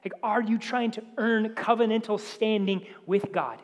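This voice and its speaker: A man preaching a sermon as pastor, emphatic, often dropping to hushed near-whispers for stress. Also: sits high, steady tone, moderate pace, in a large hall.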